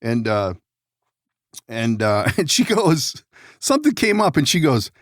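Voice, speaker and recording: A man hosting a podcast, telling rambling stories in casual chat, laughing often and swearing, with sudden hushed and excited turns. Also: mid-range voice, slow pace, no echo, studio quality. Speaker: podcast host.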